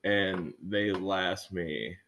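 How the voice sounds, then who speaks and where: A man's voice: sits low, drawn-out words, fairly bright tone, slight background noise. A man co-hosting a casual podcast chat, answering in a laid-back, offhand way. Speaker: podcast co-host.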